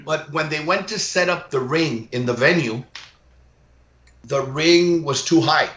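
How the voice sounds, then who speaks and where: Slightly high-voiced chuckling co-host. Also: male voice, unhurried, fairly bright tone. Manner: chuckling, trades anecdotes in English and Spanish. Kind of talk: casual chat. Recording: echoey room, dull lo-fi sound.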